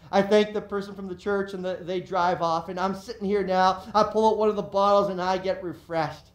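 Pastor preaching in an echoey room. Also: male voice, sits high, steady tone, fairly quick, few pauses. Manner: conversational storytelling with many repeated words. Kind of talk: sermon.

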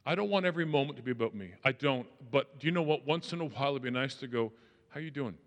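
A man giving a conversational talk on faith and mental health at a church, acting out quotes in a lively way. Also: mid-range voice, rapid-fire. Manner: conversational, animated, acts out quotes. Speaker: speaker at a church. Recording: long reverb of a large hall.

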